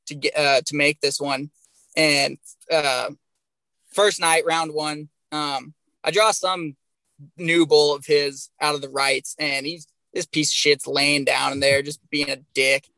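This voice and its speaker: A young man tells his stories with real energy, swearing all the way through. His voice sits a bit high and sounds bright and sharp. The recording is dry and close. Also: no room sound, poor audio. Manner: animated, swears constantly. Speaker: guest, pro bull rider. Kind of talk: profane storytelling on a podcast.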